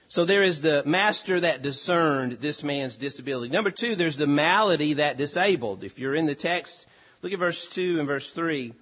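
A male pastor delivering a sermon, slow and emphatic with deliberate pauses. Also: a little high, animated, fairly bright tone, in a large hall.

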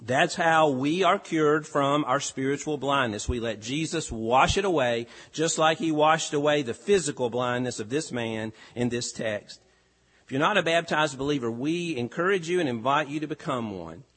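A pastor delivering a sermon, with an earnest, emphatic delivery that rises and falls. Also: male voice, mid-range voice, moderate pace, a bit bright. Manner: earnest, emphatic preaching with rising and falling delivery.

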